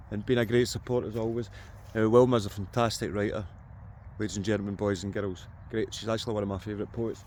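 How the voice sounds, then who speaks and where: A man's voice: fairly low pitch, flat delivery, fast, a little mellow. Scottish guy rambling and cracking jokes in an open field, bit of outdoor hiss. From Scotland. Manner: jokey, chatty, talks to viewers. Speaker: metal detecting vlogger. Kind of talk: casual vlog narration outdoors.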